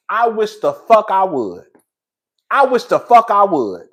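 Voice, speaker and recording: A man's voice: sits high, huge pitch swings, a little slow. Sassy, hollering man ranting on a livestream. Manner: sassy, profane, hollering rants. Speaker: YouTube commentator. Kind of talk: livestream gossip commentary.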